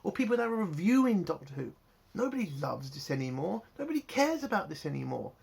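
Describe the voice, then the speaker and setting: A man's voice: on the high side, very animated, fast, vocal fry, darkish tone, breathy edge. A man, ranting angrily and swearing heavily as he reviews a TV episode. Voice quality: heavy swearing, heated ranting. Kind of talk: angry solo review rant.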